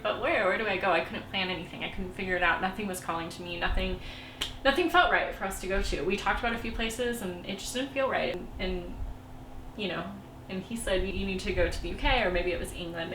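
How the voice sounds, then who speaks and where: A woman's voice: medium pitch, animated, a little fast. A young woman telling travel stories in casual chat, laughing often. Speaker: travel vlogger. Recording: echoey room, faint background noise.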